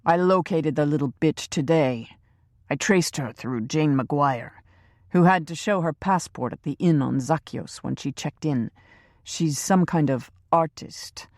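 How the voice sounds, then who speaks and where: A man's voice: a little high, a little slow, darkish tone, dry recording, studio quality. A woman reading a ruthless male hired killer in an audiobook, curt and menacing.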